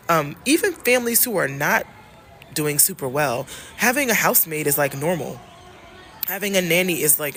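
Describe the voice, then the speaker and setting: A woman from the United States chatting casually in a travel vlog, animated and emphatic, repeating phrases and talking straight to her viewers. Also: sits low. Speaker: travel vlogger and love coach.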